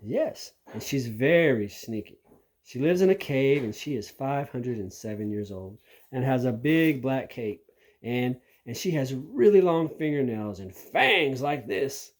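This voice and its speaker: A man voicing an excitable, imaginative little girl, reading a children's storybook aloud in a high, bright telling. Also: unhurried. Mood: dramatic.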